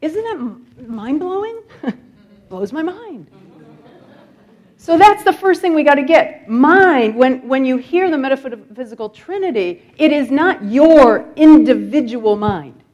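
A middle-aged woman from upstate New York preaching a sermon in a conversational storytelling way, dropping to a hushed near-whisper at grave moments. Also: high voice, expressive, slow pace, lo-fi sound. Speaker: guest speaker.

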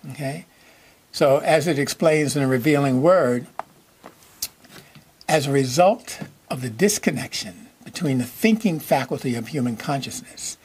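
A man preaching a sermon as minister, repeating key phrases slowly and checking in with his listeners. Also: medium pitch, darkish tone, slightly rough.

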